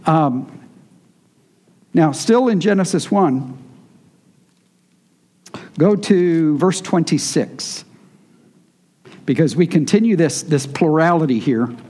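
A man preaching to his congregation in a relaxed teaching manner. His voice sits high for a man yet sounds mellow and dark in tone. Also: slow, long pauses. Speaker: pastor. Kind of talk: sermon.

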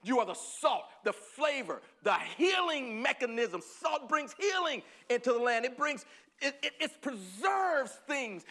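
Southern texas guy preaching, bright voice, gets loud n excited, laughs a lot. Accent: Texan Southern. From Northeast Texas. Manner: swings from low, quiet musing to loud, fervent, drawn-out preaching; laughs and exclaims often. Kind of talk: sermon.

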